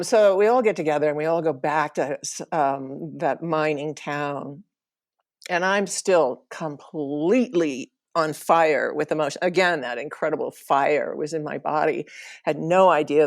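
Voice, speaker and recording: A middle-aged woman telling a personal travel story, emotional and laughing now and then as she recalls it. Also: sits low. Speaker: podcast storyteller.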